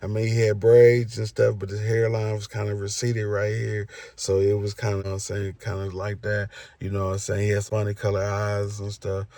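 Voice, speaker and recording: A man's voice: lowish voice, monotone, normal speed, hardly any pauses, mellow, no room sound. A man telling a story in a casual storytime vlog, loose and rambling, with many fillers. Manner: loose, rambling, filler "you know what I'm saying".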